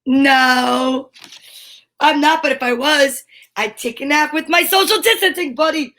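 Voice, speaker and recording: A woman with a high voice hosts a children's show in a cheerful, goofy manner. She takes her time, drawing out each word as she greets the kids by name. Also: slow pace, sharp tone. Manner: cheerful, goofy, reads out long lists of names. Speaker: host of a kids' story time show. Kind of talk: casual chat to children.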